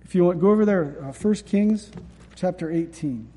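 A man's voice: sits high, normal speed, dark tone, long reverb tail. A man preaching a sermon and reading scripture aloud, earnest and repeating words for emphasis. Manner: earnest, repeats words when stressing a point. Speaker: pastor.

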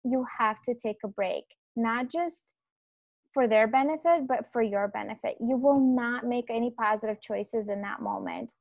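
Woman, 30s, parenting coach, earnest, dry close sound, slightly high voice. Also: no room sound. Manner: earnest, repeats calming phrases softly. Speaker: guest, parenting coach for moms. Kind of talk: podcast interview.

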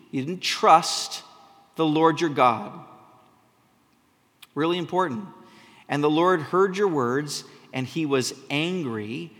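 Reading scripture aloud, a preacher breaks into casual, conversational asides to explain it. His voice is a little high with a fairly bright tone, and a long hall reverb trails each line.

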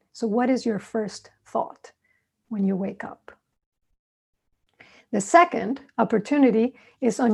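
A woman meditation teacher giving a dharma talk, telling stories in a relaxed, conversational way with thoughtful asides. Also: medium pitch, creaky, slightly rough.

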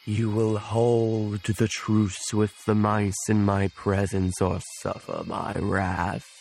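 A man voicing a young wizard character in a tabletop game, speaking slowly and formally. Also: lowish voice, completely flat delivery, creaky, a little mellow, a little hiss or hum. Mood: commanding. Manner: slow, formal, commanding. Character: solemn young male wizard speaking to animals.

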